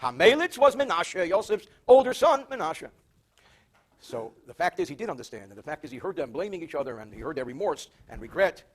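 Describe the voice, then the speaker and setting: An older man, a rabbi, teaching a Torah portion verse by verse, reading Hebrew slowly, translating, and adding dry wisecracks. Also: a little high, big pitch swings, breathy edge. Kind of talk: verse-by-verse Torah class with jokes.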